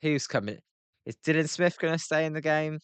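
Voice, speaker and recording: A man's voice: a little high, brisk, a bit bright, clean tone, dry recording. A British man hosting a live stream, giving casual play-by-play reaction, chatty and grumbling, answering viewers by name.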